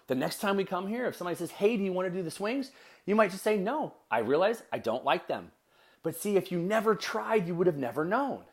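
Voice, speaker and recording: A middle-aged man with a medium-pitched voice hosts a podcast, telling a family story in a casual yet earnest way and addressing his listeners directly.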